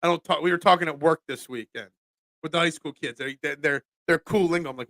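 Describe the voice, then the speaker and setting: A man hosts a morning sports talk stream, and his voice sits high and bright. He rants in an animated way and pokes fun at himself. The close mic gives a dry sound with no room echo. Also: quick pace. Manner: animated, ranting, self-deprecating. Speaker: sports talk show host.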